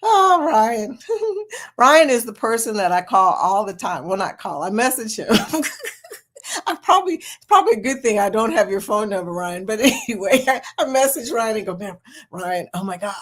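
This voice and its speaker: A woman's voice: on the high side, lively intonation, moderate pace, a bit bright. A woman hosting a casual live stream, bubbly and laughing often as she greets chat members one by one.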